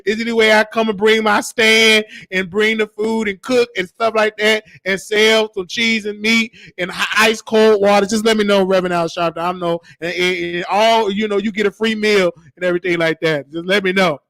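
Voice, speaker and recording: A man hosting a casual live-stream chat, animated and joking with frequent laughter, his voice worn from talking. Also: high voice, moderate pace, few pauses, no room sound, clean studio sound. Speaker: show host.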